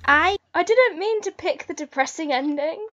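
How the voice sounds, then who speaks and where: A woman's voice: extremely high pitch, normal speed, highs cut off. A woman with a Scouse accent chatting and giggling as a guest in a let's-play. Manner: giggly, animated. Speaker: guest co-player. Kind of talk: casual let's-play banter.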